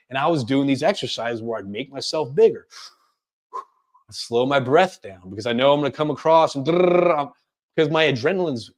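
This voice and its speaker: A man presenting a career coaching webinar, talking quickly and energetically with frequent restarts. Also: medium pitch. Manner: fast, energetic delivery with many restarts. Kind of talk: webinar talk.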